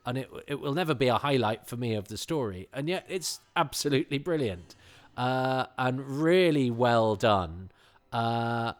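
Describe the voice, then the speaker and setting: A man's voice: medium pitch, lively intonation, measured pace. A man guesting on a podcast, chatting casually and enthusiastically in a rambling way with chuckles. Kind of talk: casual chat.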